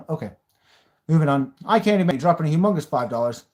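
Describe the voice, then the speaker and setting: Hosting a live stream reaction chat, a man talks bluntly, rants and raves at times, and swears freely. His voice is on the high side, animated, a little mellow, and he talks fast.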